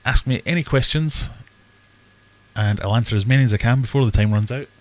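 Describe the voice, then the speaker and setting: A man's voice: medium pitch, a little fast. A man hosting a casual livestream, chatting in a rambling, self-deprecating way and answering viewer questions. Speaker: livestream host. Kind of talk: casual live chat. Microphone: desk webcam setup.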